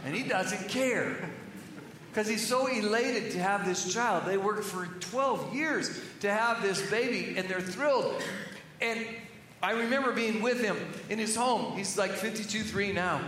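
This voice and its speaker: High bright-voiced preacher in echoey hall. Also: male voice, measured pace, a little hiss or hum. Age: middle-aged. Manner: earnest, conversational storytelling that drops to hushed tones for emphasis. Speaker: pastor. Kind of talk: sermon. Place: church sanctuary. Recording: echoey hall reverb with faint ambience.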